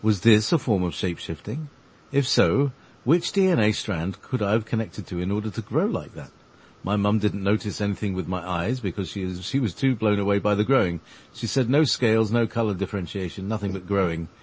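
A male host reads listener questions aloud in a relaxed, easygoing way. His voice is lowish and a little husky, and his pitch swings widely and expressively as he reads. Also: brisk.

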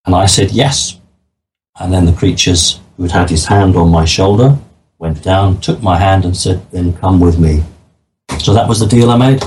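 A man with a very low voice answers an interviewer's questions, laying out his views in an earnest, matter-of-fact way. A faint hiss sits under the recording. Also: moderate pace, darkish tone, low-quality recording. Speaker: interview guest. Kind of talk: interview conversation.

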